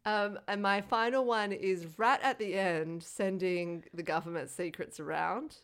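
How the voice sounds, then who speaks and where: Animated woman co-hosting a film chat. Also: mid-range voice, a little slow, clear, resonant tone. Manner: laughing, animated, swears freely. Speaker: podcast co-host. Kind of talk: casual film review chat.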